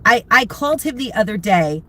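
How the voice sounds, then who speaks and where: A middle-aged, congested woman chatting casually with viewers from inside a car, rambling and pausing to recall names. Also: fairly high pitch, lively intonation, sharp tone, slight background noise. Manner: rambling, chatty, searching for names, frequent laughs. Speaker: vlogger chatting with live viewers. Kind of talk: casual chat.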